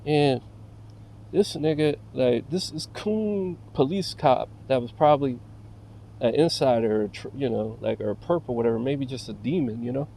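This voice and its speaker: Agitated man ranting, dark voice. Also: mid-range voice, normal speed, creaky, slight background noise, rough recording. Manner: profane, agitated storytelling, heavy fillers. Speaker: vlogger. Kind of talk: casual rant to camera.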